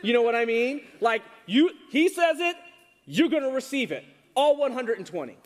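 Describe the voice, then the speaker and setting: A man preaching a sermon to a congregation, animated and often asking them questions. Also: extremely high pitch, moderate pace. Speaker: pastor. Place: church hall with congregation. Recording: reverberant hall.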